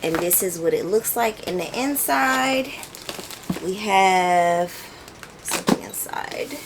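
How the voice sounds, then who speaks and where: A woman's voice: mid-range voice, expressive, slow pace, noisy background. A young woman chatting casually and animatedly about books she received, laughing now and then. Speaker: book vlogger. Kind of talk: casual chat. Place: home, indoors.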